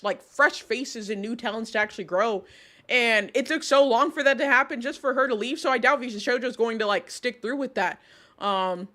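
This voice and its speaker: A woman's voice: medium pitch, a bit bright. A young woman streamer giving casual live commentary, rambling and heated, with lots of restarts and swearing.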